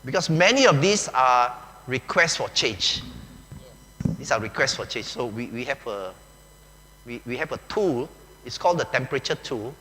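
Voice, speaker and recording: A faint hum and echo mark this recording from a large church hall, where a pastor with a Malaysian English accent jokes his way through a chatty sermon. His mid-range voice is bright and forceful, lively in intonation and at normal speed, and he frequently says "okay" and "lah."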